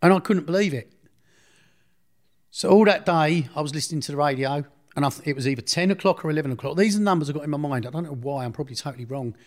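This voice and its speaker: A man's voice: on the high side, quick pace. A middle-aged man, telling his story in an interview in a blunt, rambling way, often correcting himself. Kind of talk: casual storytelling.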